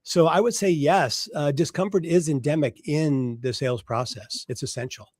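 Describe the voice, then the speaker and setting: A man's voice: fairly high pitch, moderate pace, a little mellow, no room sound. A man speaking as a sales coach guest in an interview, emphatic and often adding "right?". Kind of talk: conversational interview answer.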